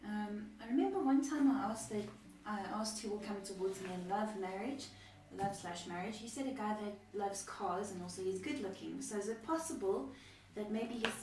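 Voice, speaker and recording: A woman's voice: medium pitch, moderate pace, very echoey, recorded from a distance, low-quality recording. A woman reading viewers' questions aloud on a live advice show, with small hesitations.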